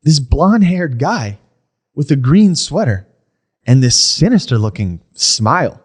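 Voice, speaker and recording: A man's voice: medium pitch, very animated, measured pace, slightly rough. A man co-hosting a comedy podcast, telling a story casually and often saying "like" and "right?". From New Jersey, USA. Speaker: podcast co-host. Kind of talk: casual chat.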